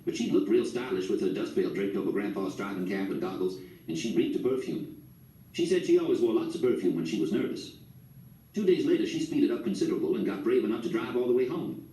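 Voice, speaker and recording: A man narrates a story in the first person with a folksy storytelling manner. His voice is mellow and lively in pitch. It sounds set back from the mic in a roomy space. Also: quick pace, recorded from a distance. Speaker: audiobook narrator.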